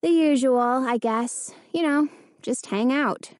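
A woman voicing a cheerful young girl in a storybook reading, bright and teasing. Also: sits high, slow, dry recording, clean studio sound, voice pushed up. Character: cheerful preteen girl, teasing older sister.

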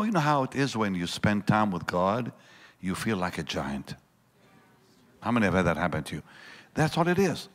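A man preaching a sermon, swinging between loud bursts and hushed lines and acting out the voices in his story. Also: mid-range voice. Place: large church hall. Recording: long church reverb.

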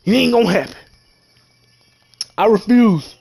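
A man commentating live on his gameplay, trash-talking in slang and bursting into shouts. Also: high voice, measured pace, gravelly, husky, soft background music.

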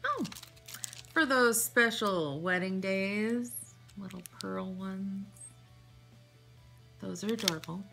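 Woman vlogger, casual unboxing chat, unhurried, very lively pitch, animated asides. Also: vocal fry, over music. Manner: chatty and animated, with exclamations and asides. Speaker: vlogger unboxing a nail art haul.

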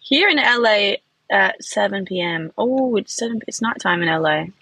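A woman's voice: medium pitch, lively intonation, normal speed, creaky, bright, forceful tone, breathy edge, low-quality recording. Bubbly young Australian woman streaming. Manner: bubbly, gasping and laughing at gifts, many "like"s. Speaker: livestreamer. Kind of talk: casual live stream chat. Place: in a car. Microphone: phone.

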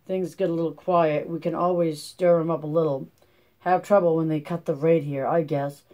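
A reader voicing a gruff, contemptuous camp guard with a sneering manner. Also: mid-range voice, steady tone, moderate pace, a little mellow, close to an everyday voice. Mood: scornful.

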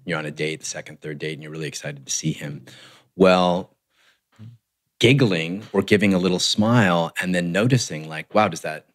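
Man, very low voice, relationship coach, measured explanations, podcast interview. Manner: measured, explanatory, often tags "right?".

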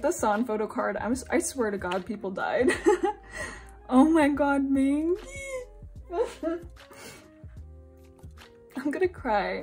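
A young woman from Singapore chatting excitedly at home while unboxing, gushing and laughing often. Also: mid-range voice, gravelly. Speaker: unboxing vlogger. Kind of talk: excited casual unboxing chat.

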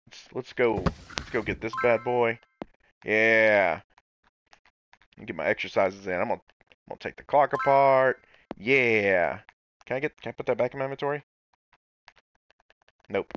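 A man's voice: lowish voice, unhurried, long pauses, fairly bright tone. A man casually commenting on his own gameplay, playful and talking to himself with sudden outbursts. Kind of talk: casual let's-play commentary.

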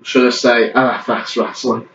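A man hosting his own channel, calling backyard wrestling play-by-play with excited exclamations over the action. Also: medium pitch, moderate pace, noisy background. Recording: echoey, distant, dull lo-fi camera sound.

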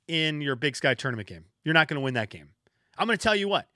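A man hosting a solo sports podcast, ranting in an exasperated way and second-guessing himself out loud. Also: fairly high pitch, animated, fast, no room sound, studio quality. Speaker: podcast host.

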